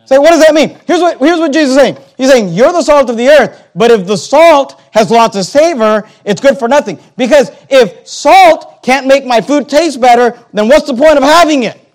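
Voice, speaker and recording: A man preaching a sermon, emphatic, slowing down on key words, repeating phrases and turning to the congregation with asides. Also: very high voice, lively intonation.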